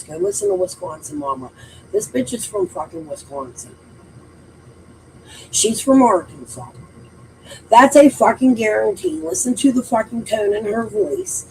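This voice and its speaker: On a true crime livestream, a woman with a medium-pitched, somewhat dark voice chats casually, blunt and emphatic and swearing a lot. The low-quality recording carries a faint hiss or hum.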